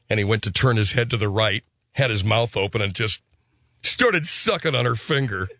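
A man hosting a talk-radio show, questioning callers in a dry, deadpan way and reading out show announcements. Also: fairly low pitch, moderate pace, no room sound. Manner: dry, probing interviewer, deadpan.

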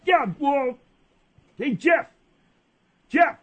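Bud, a high whiny dimwit. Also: male voice, highs cut off, heavily acted. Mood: confused. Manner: slow-witted, whiny questions. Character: dim-witted adult man sidekick Bud. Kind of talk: comedy radio talk show character.

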